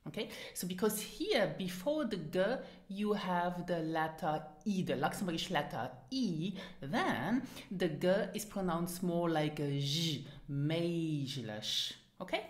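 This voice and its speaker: A woman teacher runs a pronunciation lesson at an unhurried pace. Her voice sits a bit low, but her pitch moves a lot. She says each example word carefully and then says it again. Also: animated. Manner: patient, models words twice for repetition. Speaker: language teacher.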